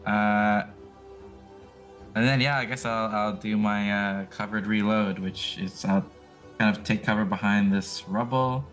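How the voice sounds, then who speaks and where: A man's voice: lowish voice, steady tone, measured pace, a bit bright, soft background music. A man playing a tabletop game, casually describing his character's moves and shots. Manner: casual, with playful in-character asides. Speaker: player.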